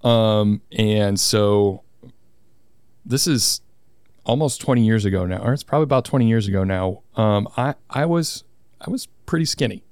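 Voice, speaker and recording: A man's voice: lowish voice, normal speed, darkish tone, clear, resonant tone, no room sound. Chatty man, a bit nervous, dry mic. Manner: nervous, chatty, self-deprecating. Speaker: guest, squadron commander. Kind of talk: casual podcast interview.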